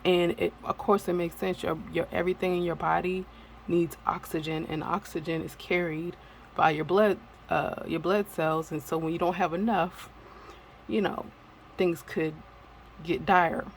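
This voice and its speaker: Candid, rambling woman with a gravelly voice. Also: on the low side, steady tone, normal speed, slight background noise, low-quality recording. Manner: candid, rambling with many fillers. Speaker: vlogger. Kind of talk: casual personal storytelling.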